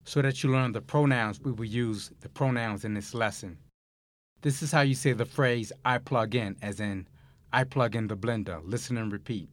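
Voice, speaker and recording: A man hosting a recorded language course, explaining grammar mistakes and giving listen-and-repeat prompts in a measured, clearly enunciated way. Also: medium pitch, no room sound. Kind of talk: scripted Spanish lesson narration.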